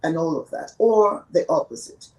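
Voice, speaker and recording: A woman's voice: low voice, moderate pace, a little mellow, distant mic, poor audio. A woman guest on a podcast, talking earnestly and emphatically about grief, repeating words for stress. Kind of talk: reflective conversation on grief.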